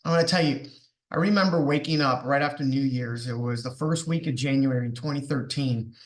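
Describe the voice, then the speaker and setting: A man sharing an experience on a video call, halting and filler-heavy. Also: medium pitch. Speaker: real estate agent. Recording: echoey room on a video call.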